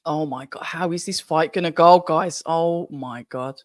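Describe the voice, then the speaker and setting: Excitable woman hosting a live watch-along. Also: low-pitched, unhurried, no echo. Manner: excitable, chatty, talks straight to viewers. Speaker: livestream watch-along host. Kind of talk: excited live stream commentary.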